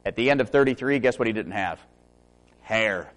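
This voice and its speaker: A man's voice: fairly low pitch, expressive, normal speed, fairly bright tone. A man in his early thirties, a preacher, delivering a sermon full of self-mocking stories and humor. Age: 30s.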